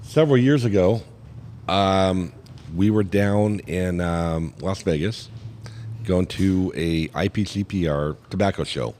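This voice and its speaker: A man's voice: sits low, slow pace, big-room sound, slight background noise. A man from Oregon, a podcast co-host, telling a rambling story in casual chat at a cigar lounge and acting out the voices of the people in it. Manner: rambling, animated, acts out quoted voices.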